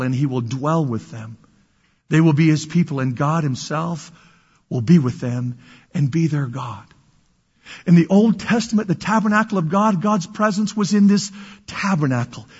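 High-voiced man preaching in a hall. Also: slightly rough, muffled recording. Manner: dramatic swings from loud to hushed whispers; repeats words and restarts phrases. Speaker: pastor. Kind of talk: sermon.

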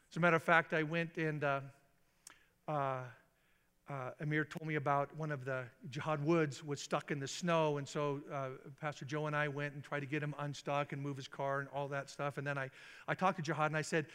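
Middle-aged male pastor, storytelling sermon, slightly high voice, long hall reverb. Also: a little fast, clean tone. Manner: animated, acts out quotes with big pitch jumps. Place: church sanctuary.

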